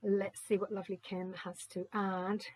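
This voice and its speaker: A woman giving a gentle, musing oracle card reading, slowly reading out card texts and reflecting on them. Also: mid-range voice, little pitch movement, no room sound, poor audio.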